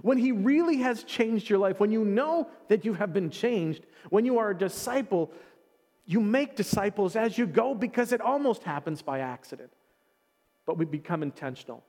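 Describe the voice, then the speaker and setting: A man's voice: high-pitched, expressive, normal speed, darkish tone, long reverb tail. A man preaching a sermon, telling a personal story with earnest, emotional delivery and frequent restarts. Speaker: pastor.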